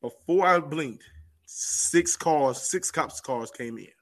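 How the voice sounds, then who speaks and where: A man telling a story as a podcast guest, animated, and repeating phrases for emphasis. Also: a little high, slow pace. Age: adult with children. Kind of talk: casual storytelling.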